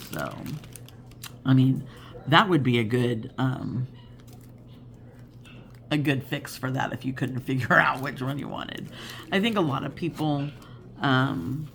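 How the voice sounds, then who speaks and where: A woman's voice: low-pitched, slight background noise. A woman in her fifties hosting a casual crafting chat, rambling and chatty and laughing often. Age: 50s. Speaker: crafting channel host.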